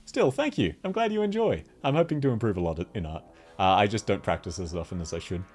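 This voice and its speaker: A man's voice: on the low side, lively intonation, fast, darkish tone, soft background music. A man from Australia with an Australian accent, chatting casually on a live stream, laughing often as he answers chat.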